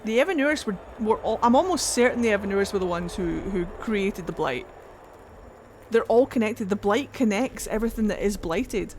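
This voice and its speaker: A woman streamer talking casually over a game, excitable and given to swearing. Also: mid-range voice, moderate pace, slight background noise. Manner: excitable, swears and laughs a lot. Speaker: gaming streamer. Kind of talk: casual let's-play commentary.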